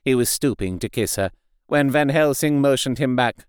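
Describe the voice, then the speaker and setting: A man giving a measured, expressive audiobook narration. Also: medium pitch, smooth, dry recording, clean studio sound.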